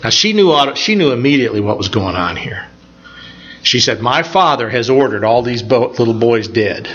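A man preaching a sermon, retelling a scripture story in a conversational, animated way. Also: medium pitch, moderate pace, highs cut off.

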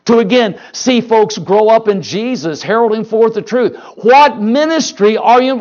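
High-voiced folksy preacher. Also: male voice, a little slow, few pauses, muffled recording. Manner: folksy, animated preaching with direct questions to the congregation. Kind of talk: sermon. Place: church sanctuary.

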